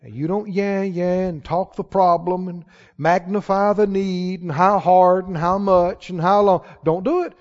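A man preaching a sermon in a church, acting out the quoted voices of others and rising to shouts of conviction. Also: high-pitched, measured pace. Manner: animated, acts out quoted voices, rises to shouts. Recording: reverberant hall, dull lo-fi sound.

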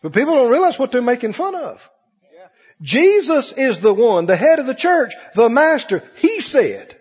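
A man preaching a sermon in a large church. He works the crowd with call-and-response, swinging from loud, high cries down to low murmurs. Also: big pitch swings, moderate pace, breathy edge. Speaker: pastor. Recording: muffled recording with long hall reverb.

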